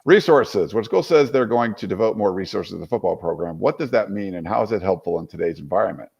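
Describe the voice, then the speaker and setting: A man's voice: fairly low pitch, expressive, fast talker, vocal fry, darkish tone, slightly rough, highs cut off. A male podcast co-host in casual sports chat, talking loosely and rambling.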